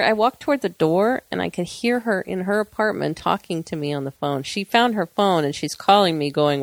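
A woman co-hosting a casual podcast, her voice a bit low with a gravelly fry. She tells stories with a laugh and slips into quick impressions of the people in them. The sound is dry and close. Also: dry recording. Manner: laughs often, acts out quoted voices. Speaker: podcast co-host. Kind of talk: casual storytelling chat.

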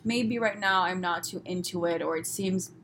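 A woman from Los Angeles with a Southern California accent, hosting her own podcast in a chatty, upbeat solo talk. She talks fast and pronounces her words crisply. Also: lowish voice, fairly bright tone, slight background noise. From Los Angeles, USA. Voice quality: fast-talking, crisp pronunciation. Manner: chatty, upbeat, many fillers. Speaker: podcast host. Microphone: podcast microphone.

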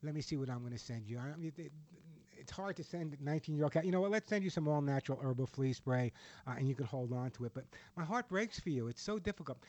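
A man's voice: fairly high pitch, lively intonation, fast talker, dry recording. Man hosting a call-in pet radio show. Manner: warm, emotional, gently reassuring advice.

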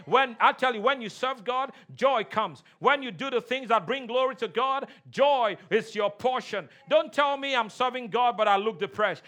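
A male pastor with a very high, bright, forceful voice preaches to his congregation in a church. He calls for responses and repeats his key lines. He moves from rousing shouts to low, quiet emphasis. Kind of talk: sermon. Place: church sanctuary.

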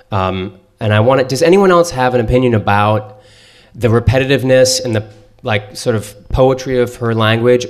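A man hosting a live book club discussion in a bookstore, talking haltingly with many fillers and restarts. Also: medium pitch. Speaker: podcast host. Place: bookstore event before a live audience.

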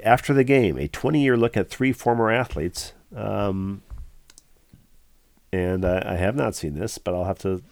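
A man's voice: fairly low pitch, vocal fry, a little mellow, no room sound, clean studio sound. A man co-hosting a podcast, reading listener mail aloud with chatty, jokey asides. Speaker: podcast co-host.

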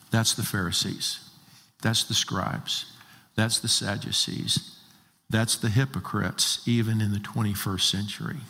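A man's voice: mid-range voice, a bit bright. Emphatic male preacher in a reverberant hall. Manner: emphatic preaching with rhetorical questions. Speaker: pastor. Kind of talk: sermon. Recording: long reverb of a large hall.

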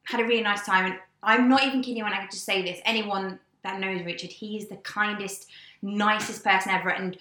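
Animated young woman telling a story. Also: medium pitch, fairly quick, roomy sound. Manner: animated, swears, acts out quoted voices. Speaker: guest. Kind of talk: casual storytelling chat.

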